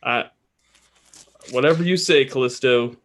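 A man's voice: medium pitch, unhurried, lightly acted. A man voicing a grouchy, sarcastic dog-man in a tabletop game. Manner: dry and sarcastic.

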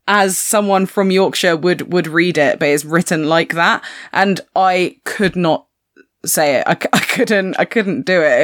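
A woman's voice: on the low side, a bit bright, no echo, studio quality. Chatty, laughing woman podcaster. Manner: chatty, laughing between words. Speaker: podcast co-host, teacher. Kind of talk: casual chat.

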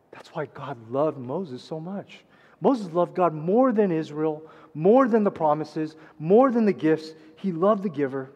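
A pastor preaching a sermon, swinging between loud urgent passages and hushed quiet ones. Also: male voice, fairly high pitch, lively intonation, a little slow, slightly rough. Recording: long reverb of a large hall.

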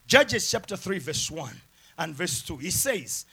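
A pastor preaching a sermon with emphatic repeated phrases, swinging from loud shouted lines down to quiet asides. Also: male voice, high-pitched, big pitch swings, a little slow, gravelly, slightly rough.

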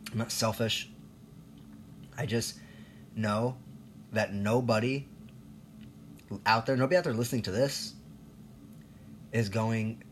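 A man's voice: lowish voice, a little hiss or hum. A man in his thirties ranting in a rambling, profane, sarcastic monologue, laughing at himself now and then. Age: 30s. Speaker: vlogger.

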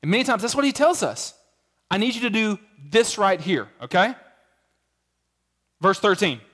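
A man's voice: sits high, big pitch swings, normal speed, fairly bright tone. A middle-aged man preaching a sermon in a conversational way, telling stories and acting out quotes. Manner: conversational, storytelling with acted quotes. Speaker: pastor.

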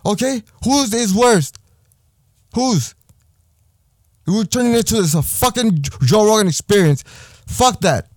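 A young man with a high-pitched voice hosts a podcast, ranting in a heated, profane, repetitive way. His voice sits dry and close with no room echo. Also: lively intonation, unhurried, pauses often. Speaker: podcast host. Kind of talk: angry personal rant.

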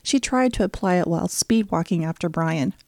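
A woman reading a story aloud as the narrator, in a steady, even storytelling manner. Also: fairly low pitch, fairly quick, gravelly, dry recording, clean studio sound. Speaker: audiobook narrator. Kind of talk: scripted narration.

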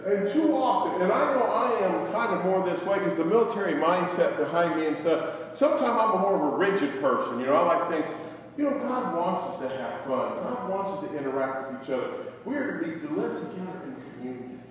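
A middle-aged male pastor delivers a folksy, joking sermon, his voice sitting a touch high for a man. He sounds set back from the microphone, and a long, echoing hall reverb trails each phrase. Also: expressive, brisk, highs cut off. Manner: folksy storytelling, jokes with congregation. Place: church sanctuary. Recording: echoey hall, from far off.

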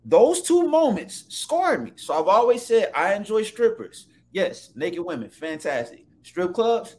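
A man telling a story in casual chat, animated and profane, often laughing. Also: sits high, measured pace.

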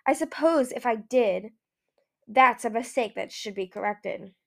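A woman reading aloud who voices a big, hostile male dragon soldier with loud, snapping threats. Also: extremely high pitch, a little slow, vocal fry, full character voice. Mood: sneering.

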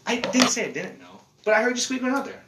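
A man hosting a casual podcast from his couch, ranting in a profane, animated way. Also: extremely high pitch, fast. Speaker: podcast host. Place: living room at home, on a couch. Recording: echoey room.

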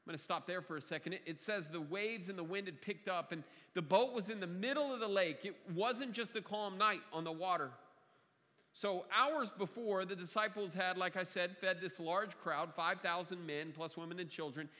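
A man's voice: high-pitched, normal speed, sharp tone, long reverb tail. A man preaching a sermon to a congregation in a conversational way, repeating key phrases and often restarting his sentences. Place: church sanctuary.

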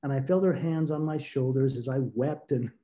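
A man with a mellow, mid-range voice shares a personal story as a guest author in an interview. He is earnest and thoughtful, his speech halting, with words repeated as he gropes for them when feelings run high.

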